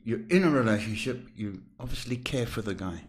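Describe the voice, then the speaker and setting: A man with a South African accent reads tarot on a live stream. He talks in an animated, familiar way and calls viewers sweetheart. His voice sits at a middle pitch. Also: brisk, breathy edge. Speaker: psychic tarot reader. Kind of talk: live-stream reading, casual advice.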